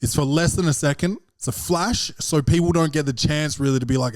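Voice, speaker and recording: A man's voice: fairly high pitch, a little fast, few pauses, no room sound, studio quality. A young man hosting a casual solo podcast at home, rambling and swearing, with "bro" and "man" in almost every sentence. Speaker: podcast host.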